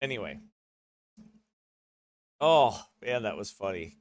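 Forceful, rambling male broadcast host. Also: a little high, animated, moderate pace, a little hiss or hum. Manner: rambling, repeats "okay?" and "right?"; laughs often while talking.

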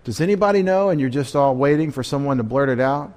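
A man's voice: mid-range voice, lively intonation, fast talker, a little mellow. A man preaching a midweek sermon as pastor, talking conversationally, asking the congregation questions and adding joking asides.

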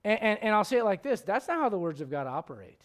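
A man preaching a sermon as pastor, swinging between loud emphatic questions and low, quiet asides. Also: big pitch swings, fast talker.

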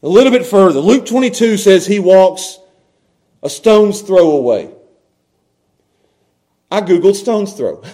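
A middle-aged man preaches with a notably high voice. He sinks into quiet, hushed passages, then climbs into loud, impassioned crying out. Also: expressive, a little slow, pauses often. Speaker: pastor. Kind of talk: sermon.

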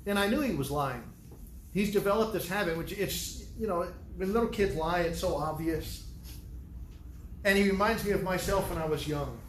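High-voiced man preaching in a roomy hall. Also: moderate pace, slight background noise. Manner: earnest, emphatic preaching with repeated restarts. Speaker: pastor. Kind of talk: sermon.

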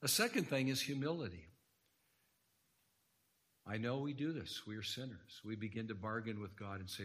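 A man's voice: fairly low pitch, moderate pace, fairly bright tone. A man preaching an earnest sermon in a church, quoting scripture and rising to emphatic points. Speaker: guest preacher. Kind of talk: sermon lecture.

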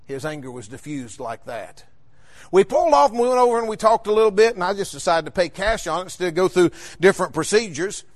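A man preaching a sermon, telling a personal story and rising fervently to shouts on key points. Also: high-pitched, fast, hardly any pauses.

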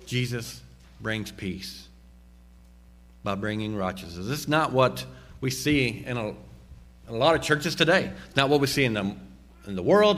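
A man preaching a sermon at a middle pitch, his voice swinging widely from low and deliberate to high and urgent. He slows right down to stress key phrases, then pushes up loud when he calls on listeners. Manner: rises sharply in pitch and volume when exhorting. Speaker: pastor.

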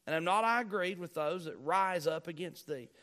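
A pastor preaching a sermon, reading scripture aloud and repeating key phrases with rising emphasis. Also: male voice, sits high, moderate pace, fairly bright tone.

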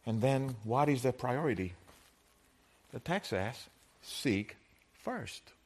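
Middle-aged guy preaching, chatty, laughs a lot, gets loud then real quiet. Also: medium pitch, lively intonation, takes it slowly. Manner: conversational preaching, laughs often, swings from soft to loud. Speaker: pastor. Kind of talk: sermon.

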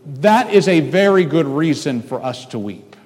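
A man with a somewhat high voice delivers a sermon in an earnest pastoral tone. He speaks directly to his congregation. His voice rings out with a long reverb from a church hall. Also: animated, moderate pace, a little mellow.

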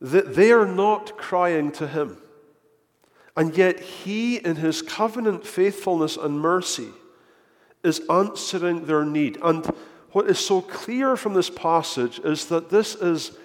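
A man's voice: on the high side, expressive, slow. A man preaching a sermon in earnest tones, often repeating words as he builds a point, recorded in a church. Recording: echoey hall.

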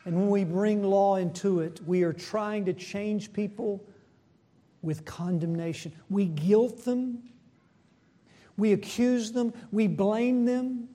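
A man preaches a sermon at a slow, deliberate pace, his voice sitting high yet soft and mellow in tone. He poses rhetorical questions to the congregation, rising sharply in pitch and force to drive a point home, then sinking back low and quiet. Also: fairly even intonation. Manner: builds in pitch and loudness when pressing a point, then drops low and soft.

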